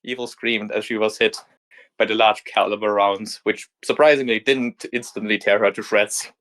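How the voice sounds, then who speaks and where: A man's voice: lowish voice, steady tone, moderate pace, a bit bright. A man reading a fan story aloud in a casual narration, with small slips and restarts. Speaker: fanfic reader.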